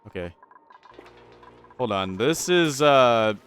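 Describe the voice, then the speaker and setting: A man's voice: medium pitch, lively intonation, slow pace, fairly bright tone, clean tone. A man commentating his own video game play, rambling and repeating himself as things go wrong. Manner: frantic, rambling, often repeats himself under pressure. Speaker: gaming channel host.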